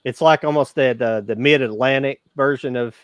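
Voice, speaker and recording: A man's voice: mid-range voice, moderate pace, smooth, dry recording. A man with a country Kentucky accent giving blunt, plain-spoken opinions in casual podcast chat about movies. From rural Kentucky.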